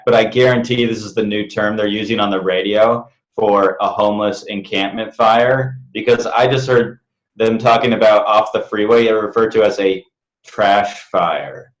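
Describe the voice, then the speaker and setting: Lowish man with dry quips, echoey room. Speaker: podcast co-host. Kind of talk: casual comedic chat. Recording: roomy echo.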